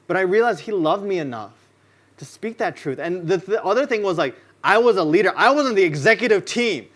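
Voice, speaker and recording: A man preaching in church with a somewhat high voice. He keeps the sermon loose and chatty, like he's talking with friends. He drops into quoted lines from his own stories and acts them out. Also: very animated, brisk. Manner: casual, conversational storytelling. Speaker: pastor.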